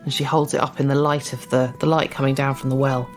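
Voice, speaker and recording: A woman's voice: extremely low pitch, level tone, fast, big-room sound, faint music behind. A woman with a British accent playing a tabletop game, chatty and casual, swearing easily. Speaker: player.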